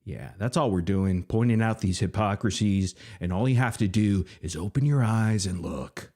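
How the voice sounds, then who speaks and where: A man's voice: lowish voice, moderate pace, darkish tone. A man hosting a livestream commentary, mocking and laughing often. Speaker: host.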